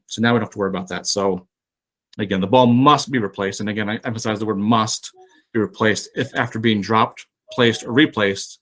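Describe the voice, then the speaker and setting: Low-voiced man explaining rules, relaxed. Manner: relaxed, many fillers and restarts. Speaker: rules official presenting a webinar. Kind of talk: casual explanatory presentation. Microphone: online webinar mic.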